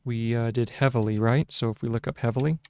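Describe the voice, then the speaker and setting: A man's voice: mid-range voice, fairly even intonation, a little mellow. A man hosting a casual shorthand tutorial, thinking aloud at his desk into a close microphone, with frequent fillers and restarts. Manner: slow, halting, with many fillers and restarts. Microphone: close desk microphone with a mute button.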